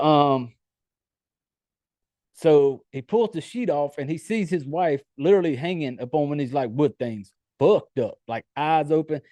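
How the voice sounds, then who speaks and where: A man's voice: a little high, mellow, no room sound, clean studio sound. A man casually recapping a horror film on his podcast, swearing freely and stumbling through fillers as he retells scenes. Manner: loose, profane storytelling with many fillers. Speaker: podcast host. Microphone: home computer setup.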